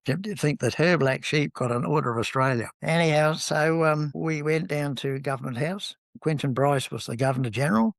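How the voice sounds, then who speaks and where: A man's voice: a little high, fairly quick, creaky, hardly any pauses, dry recording. A man, telling rambling stories as an interview guest, with lots of ums. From New Zealand. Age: 70s. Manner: rambling, anecdotal, with many ums. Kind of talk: relaxed storytelling in conversation.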